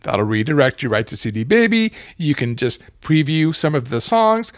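Higher-voiced man promoting his album. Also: very animated, moderate pace, dry recording, studio quality. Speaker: musician guest. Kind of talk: casual podcast chat.

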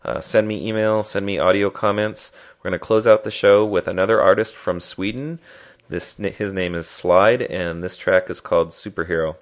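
A man's voice: low voice, moderate pace. A man hosting a solo podcast, talking loosely with many ums, his voice nasal and congested from a lingering cold. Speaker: podcast host.

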